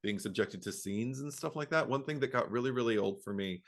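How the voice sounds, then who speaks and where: Animated man chatting about a movie. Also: medium pitch, a little fast. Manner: animated, acts out quotes, stammers, laughs while talking. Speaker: podcast co-host. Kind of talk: casual film discussion.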